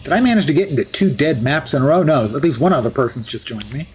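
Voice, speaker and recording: A man's voice: on the high side, lively intonation, quick pace, slight background noise. A man streaming live, chatting through gameplay with wry asides and jokes.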